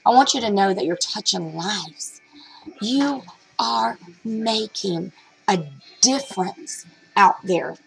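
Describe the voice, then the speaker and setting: A woman's voice: mid-range voice, takes it slowly, gravelly, over music, poor audio. A middle-aged woman vlogging about reselling, telling a story in a rambling, chatty way with lots of fillers and restarts. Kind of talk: casual storytelling vlog.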